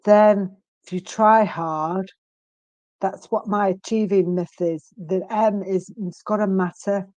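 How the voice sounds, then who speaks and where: A woman in her fifties, a guest in an interview, speaking earnestly and emphatically with frequent pauses and restarts. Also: medium pitch, steady tone, a little mellow, no echo. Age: 50s. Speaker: guest, stroke survivor. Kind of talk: candid interview conversation.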